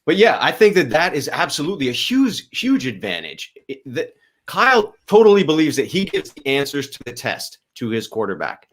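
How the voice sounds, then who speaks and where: A man from Boston, co-hosting a casual sports talk show, explaining in a measured way. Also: on the high side, wildly swooping pitch, fairly bright tone. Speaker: co-host.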